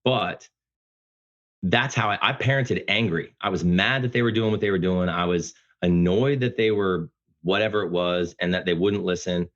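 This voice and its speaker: Man, podcast guest, very low voice, earnest, emphatic, dull recording. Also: moderate pace, a bit bright. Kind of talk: casual interview conversation.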